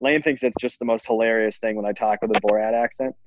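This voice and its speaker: A teenage student chatting casually with friends on a call, rambling with many restarts. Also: male voice, on the low side, fairly even intonation, quick pace, lo-fi sound, slight background noise.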